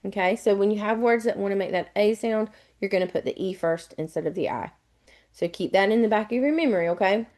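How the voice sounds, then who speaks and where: Southern US woman, test prep tutor, chatty, repeats each step, mid-pitched. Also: fairly quick, a little mellow. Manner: chatty, repetitive step-by-step explaining. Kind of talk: live online webinar lesson.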